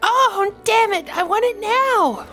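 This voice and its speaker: A woman's voice: very high-pitched, expressive, takes it slowly, pushed and bright, exaggerated voice. A woman voicing a tiny, whiny, childish baby-man in a comedy sketch.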